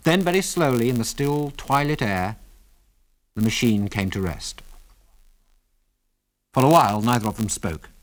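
A man narrating an adventure story in a measured, dramatic reading. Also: medium pitch, lively intonation.

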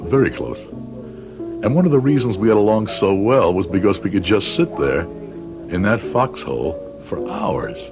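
A man's voice: lowish voice, sing-song, unhurried, highs cut off, over music. An actor playing a jovial, chatty businessman husband in his forties. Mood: genial. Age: 40s. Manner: jovial, laughing, nostalgic. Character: genial, chatty 42-year-old businessman husband.

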